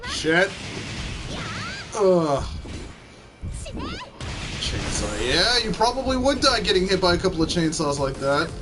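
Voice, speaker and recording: A man's voice: sits high, sing-song, takes it slowly, long pauses. A man casually commentating on a fighting game, crude and sarcastic, swearing often. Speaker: let's play host. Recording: game music underneath.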